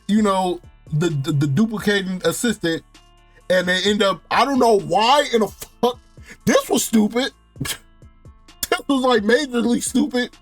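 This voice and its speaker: A young man with a high, bright voice fires off a casual TV recap full of swearing, laughing a lot and getting worked up as he goes. The audio is dry and close-miked with no room sound, and faint music plays underneath.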